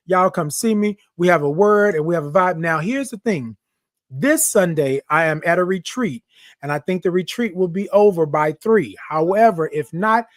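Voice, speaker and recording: High-voiced animated man hosting a livestream. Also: no room sound, studio quality. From Texas. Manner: animated, reads viewer comments aloud, playful. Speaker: livestream host. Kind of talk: casual livestream chat.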